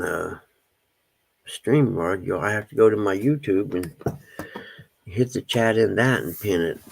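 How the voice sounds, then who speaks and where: A man's voice: low-pitched, vocal fry, a bit bright, husky, rough recording. A man chatting casually on an early-morning livestream from home, rambling along. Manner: rambling, drawling, talks to his pets. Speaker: live streamer. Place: home, indoors.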